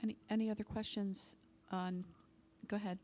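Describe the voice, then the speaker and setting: A woman chairing a school board meeting, calling for questions in a brisk, procedural way. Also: mid-range voice, flat delivery, warm tone.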